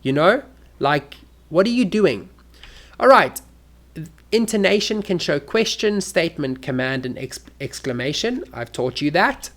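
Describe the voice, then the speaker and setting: A man's voice: on the high side, lively intonation, a little slow, a bit bright. A man teaching an English lesson, demonstrating intonation with exaggerated examples.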